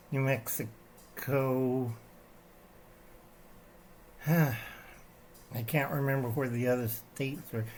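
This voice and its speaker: An older man hosts his own channel, showing items to the camera as he delivers a rambling, satirical rant and often ends his lines with "okay?" His voice is mid-range, with a little hiss or hum in the recording.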